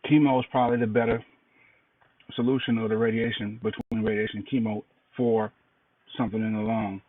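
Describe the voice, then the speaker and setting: A tired middle-aged man giving a plain-spoken, halting update in a casual video diary. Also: flat delivery. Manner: low-key, plain-spoken, halting with fillers. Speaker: cancer patient sharing an update. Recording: distant, phone-like, noisy recording.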